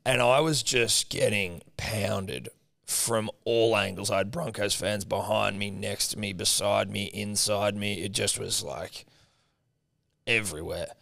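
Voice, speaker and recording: A man's voice: on the low side, steady tone, unhurried, creaky, a bit bright, dry recording. A young man retelling a story in a casual podcast chat, laid-back and swearing often. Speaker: podcast co-host.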